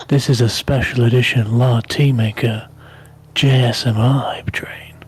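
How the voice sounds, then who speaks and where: A man's voice: medium pitch, fairly even intonation, a little slow, darkish tone. Man with a silky mock-announcer voice. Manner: playful, smooth mock voiceover delivery. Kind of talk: casual banter on a livestream.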